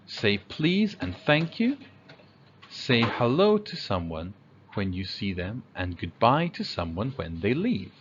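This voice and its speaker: A man teaching young children about manners, speaking slowly with a lively, rising and falling pitch. He acts out the examples himself, sometimes in a high child's voice. The recording sounds slightly dull, with faint noise behind him.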